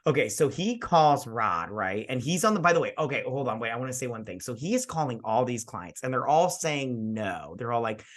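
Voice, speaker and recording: A man in the middle of a loose, boozy movie-review chat, talking at a mid pitch. He rambles and trips over his own words, then jumps into acted-out bits from the film. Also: very animated, fairly quick, few pauses. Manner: rambling, repeats words, acts out scenes. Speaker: co-host of a movie review show. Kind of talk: casual chat while drinking.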